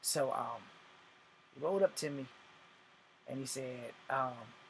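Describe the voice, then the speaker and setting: A man's voice: medium pitch, takes it slowly, vocal fry, a bit bright, a little hiss or hum. A man in his forties telling a personal story casually, rambling, swearing freely and correcting himself as he goes. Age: 40s. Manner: profane, rambling, self-correcting.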